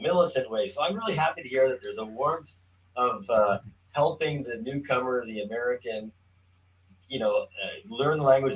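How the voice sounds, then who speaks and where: A man's voice: mid-range voice, far from the mic, lo-fi sound. A man chatting casually as a guest, thoughtful and encouraging. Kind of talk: casual chat.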